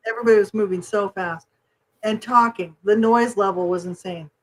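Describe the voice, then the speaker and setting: A woman's voice: mid-range voice, a little fast, poor audio. A woman from New Mexico co-hosting a podcast, telling stories in a casual chat and acting out the people in them. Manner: animated storyteller acting out voices, laughs often. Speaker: podcast co-host.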